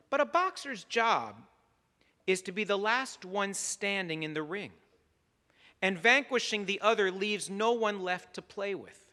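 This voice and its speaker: High, bright-voiced rabbi preaching in a sanctuary. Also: male voice, expressive. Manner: measured, emphatic preaching with long pauses. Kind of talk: holiday sermon. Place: synagogue sanctuary. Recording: long reverb of a large sanctuary.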